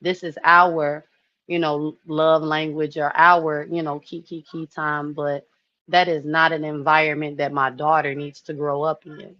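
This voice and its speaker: A woman in her early thirties telling a personal story to her viewers in a chatty, animated way, often saying "you know". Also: deep voice, unhurried, muffled recording. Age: 30s. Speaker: vlogger.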